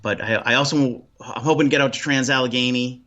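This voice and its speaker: A man from Boston with a Boston accent, chatting as a guest in a relaxed interview, rambling with lots of restarts and ums. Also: mid-range voice, quick pace, highs cut off, a crowd in the background. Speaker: paranormal investigator guest. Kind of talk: casual interview chat.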